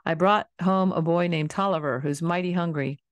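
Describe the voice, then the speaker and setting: A woman's voice: lowish voice, steady tone, normal speed, dry recording, highs cut off, close to an everyday voice. A woman voicing an easygoing bearded farmer who talks in a plain rural drawl. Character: easygoing bearded male farmer, father of boys.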